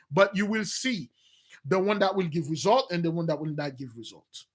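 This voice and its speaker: Man, spiritual teacher, preaching monologue, high bright voice, loud bursts and low mutters. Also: normal speed. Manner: animated, swings between loud outbursts and low mutters.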